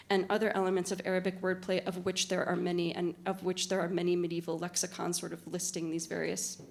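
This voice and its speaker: A woman delivers a conference talk as a literary translator. She reads from prepared text in a measured, articulate way, at an ordinary mid-range pitch, with the odd "uh" or "um" in between. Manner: measured, articulate reading with occasional fillers. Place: university conference room.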